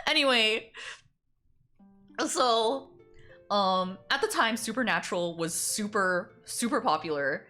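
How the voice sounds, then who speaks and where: A woman's voice: medium pitch, big pitch swings, unhurried, long pauses, bright, forceful tone, soft background music. A young woman streamer telling a long story in casual chat, rambling with many fillers and frequent laughs. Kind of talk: casual storytelling while drawing.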